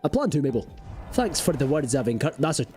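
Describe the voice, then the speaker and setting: A man's voice: a little high, sing-song, fast talker, darkish tone, faint music behind. A young adult man giving live gameplay commentary, rambling and joking as he talks to his chat. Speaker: game streamer.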